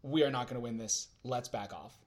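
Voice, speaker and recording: A man doing a calm, calculating wizard. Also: mid-range voice, brisk, voice pushed down, close to an everyday voice. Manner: calm, level-headed. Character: cool, calculating male wizard.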